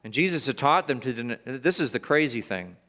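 A middle-aged man preaching a sermon as pastor, emphatic, rising to intense peaks and dropping to quiet asides. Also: mid-range voice, animated, a little fast. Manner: emphatic, building to raised intensity and dropping soft.

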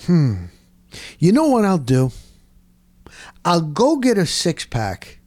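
A middle-aged man, telling a rambling story in casual chat, dropping "boom" into his sentences. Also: slow, no room sound. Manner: animated, punctuates with "boom". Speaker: sports radio co-host.

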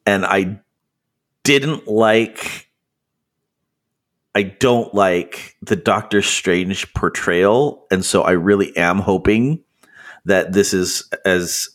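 A man co-hosting a podcast, telling stories excitedly in casual chat and laughing often. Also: low voice, very slow, long pauses. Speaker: podcast co-host.

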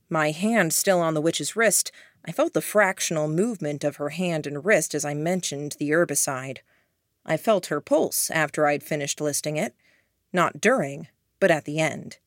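Low-voiced woman narrating an audiobook. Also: normal speed, dry recording, studio quality. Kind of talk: first-person audiobook narration.

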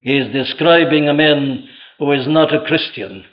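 A man's voice: on the high side, normal speed. A man preaching a sermon with emphatic delivery, rhetorical questions and vivid retelling of stories. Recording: dull lo-fi old sermon tape.

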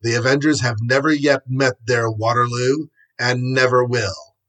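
A man's voice: mid-range voice, flat delivery, normal speed, fairly bright tone, close to an everyday voice. A man voicing a stern superhero team leader. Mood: rallying. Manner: firm, rallying.

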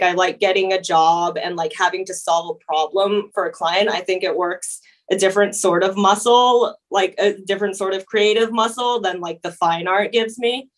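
Casting note: young American woman, relaxed interview guest, lots of "like" fillers, mid-range voice. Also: mid-range voice. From USA. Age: young adult. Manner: relaxed, frequent "like" fillers, laughs easily. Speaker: illustrator and painter guest. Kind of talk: casual interview chat.

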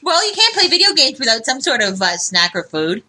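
A woman's voice: high-pitched, big pitch swings, fairly quick, sharp tone. A woman chatting on a podcast, teasing her partner with playful quips. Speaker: podcast guest, host's partner. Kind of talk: casual podcast chat.

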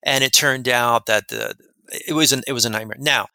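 A man, a guest expert on a podcast, telling rambling, animated anecdotes in an interview. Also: mid-range voice, moderate pace, vocal fry, clean tone, no echo. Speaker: guest expert on workplace respect. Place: lives in New Jersey.

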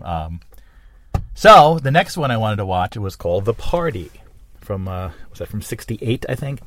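A man's voice: on the low side, big pitch swings, moderate pace, pauses often, dry recording. A middle-aged man from New Jersey hosting a podcast, talking on his own in a rambling, enthusiastic way with many restarts. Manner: rambling, enthusiastic, self-correcting. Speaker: podcast host. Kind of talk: casual solo monologue.

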